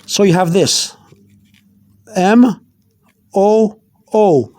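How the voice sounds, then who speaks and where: In a casual language lesson, a high-voiced man with a darkish tone takes things slowly. His delivery is halting, full of repeated words and uh and um between phrases, and he spells out letters individually.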